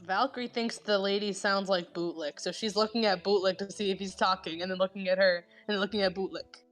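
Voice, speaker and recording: A woman's voice: mid-range voice, fairly even intonation, fast talker, soft background music. Teasing woman player at a tabletop game. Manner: playful, teasing. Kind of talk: casual tabletop chat.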